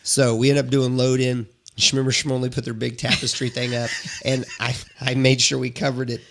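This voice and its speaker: A man guesting on a podcast, telling a profane, animated anecdote in casual chat. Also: mid-range voice, normal speed, vocal fry.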